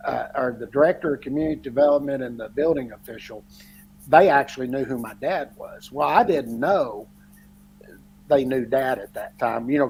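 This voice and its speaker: A man's voice: mid-range voice, gravelly, slight background noise, low-quality recording. A man telling a long story in casual chat, rambling and correcting himself as he goes. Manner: rambling, laughing anecdote with self-corrections.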